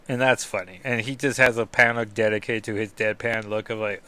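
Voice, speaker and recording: A man's voice: lowish voice, steady tone, fairly quick, hardly any pauses, sharp tone, clean tone. A man hosting a casual comic book review podcast, rambling and self-deprecating with lots of asides.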